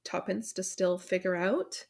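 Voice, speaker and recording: A woman's voice: lowish voice, unhurried, gravelly. A woman casually recapping a mystery novel's plot, with many fillers and short acted-out quotes. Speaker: book club podcast host summarizing the plot.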